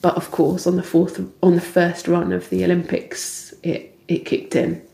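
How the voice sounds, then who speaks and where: A woman, a guest in an interview, speaking candidly and haltingly with restarts and soft laughs. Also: lowish voice, completely flat delivery, vocal fry. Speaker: interview guest, Olympic athlete. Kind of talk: reflective conversational interview. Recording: echoey room.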